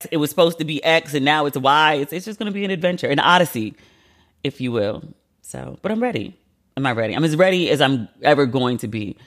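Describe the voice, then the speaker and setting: Chatty, expressive man hosting a podcast. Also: medium pitch. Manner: chatty and expressive, swears freely, laughs at himself. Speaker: podcast host. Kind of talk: casual chat.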